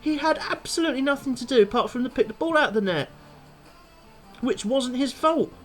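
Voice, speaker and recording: This young football fan vlogger has a very high, expressive voice and talks briskly in his angry post-match rant. Blunt and full of swearing, he's backed by faint music.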